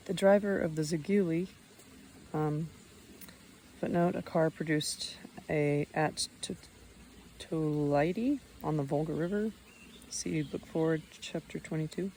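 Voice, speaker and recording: A woman narrating an audiobook in a steady reading voice, reading footnotes aloud and now and then restarting a word. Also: lowish voice, a little slow, slight background noise.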